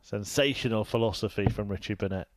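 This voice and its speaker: A man commentating on a darts match in a chatty, relaxed way. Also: lowish voice, fairly quick, a little hiss or hum. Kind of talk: live sports commentary.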